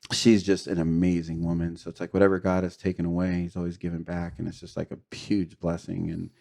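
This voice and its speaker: A middle-aged man with a very low, deep voice tells his story as a podcast guest. He talks in an earnest, confessional way, full of fillers and short laughs, with a low and weighty tone throughout. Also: completely flat delivery, a little fast, creaky, dark tone. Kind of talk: candid personal testimony.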